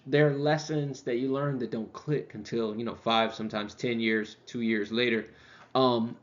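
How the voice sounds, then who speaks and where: A man teaching a casual language lesson, with lots of ums, who slows down to sound things out. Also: medium pitch. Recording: dull lo-fi recording.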